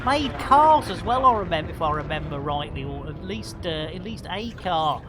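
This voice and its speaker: A man's voice: on the high side, expressive, moderate pace. A man commentating his live game stream with jokey, punning banter for his viewers.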